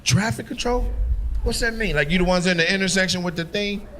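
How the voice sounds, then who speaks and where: On a club stage, a stand-up comedian does teasing, profane crowd work in a high, slightly bright voice, talking a little fast. It's a live show with crowd noise and audience laughter in the background.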